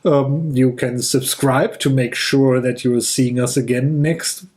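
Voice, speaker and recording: A man's voice: mid-range voice, fairly even intonation, unhurried, darkish tone. A man, co-hosting a board game podcast in a rambling, goofy, jokey way. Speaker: podcast co-host. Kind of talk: casual chat.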